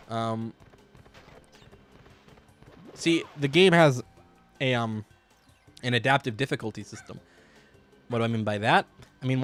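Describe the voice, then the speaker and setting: A man's voice: medium pitch, a bit bright. A man giving casual, rambling commentary while streaming a game, joking and swearing freely, in a hot room at home.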